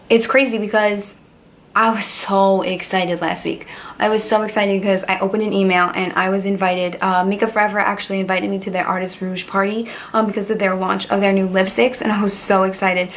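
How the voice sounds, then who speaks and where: A woman's voice: mid-range voice, little pitch movement, brisk. A woman in her twenties talking candidly to camera in a personal vlog, rambling and heartfelt, with lots of fillers. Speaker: beauty vlogger.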